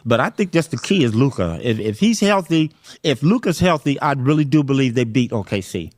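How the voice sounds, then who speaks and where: A man's voice: medium pitch, sing-song, fairly quick, a little mellow, no room sound, clean studio sound. A man on a sports debate panel, confident and insistent. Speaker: sports analyst.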